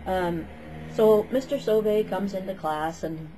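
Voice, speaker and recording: A woman's voice: mid-range voice, measured pace, dark tone, a little hiss or hum, poor audio. A woman telling a story in a casual vlog, chatty and meandering, full of "like" and "um".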